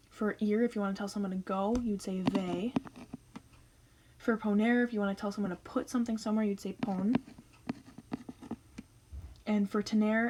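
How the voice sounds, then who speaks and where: A young woman talking through a Spanish lesson in a relaxed, chatty way, taking it one step at a time. Her voice sits at a middle pitch. A faint hiss of noise runs under the recording. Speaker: Spanish teacher. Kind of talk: casual explainer lesson.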